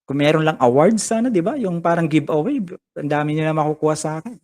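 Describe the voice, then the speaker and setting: A Filipino man with a fairly high voice teaches a science class over a live stream. He sounds upbeat and chatty, greeting viewers by name and slipping Tagalog into his English. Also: lively intonation, fast, a little mellow. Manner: upbeat, reads viewer comments aloud, mixes English with Tagalog. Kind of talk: live-streamed online lesson.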